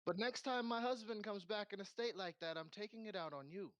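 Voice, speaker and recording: A man playing a frantic, commanding innkeeper woman in a tabletop game, pitched up high. She bustles and gives orders. Dry, close sound. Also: a little fast, no echo, dull audio, lightly acted. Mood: stern.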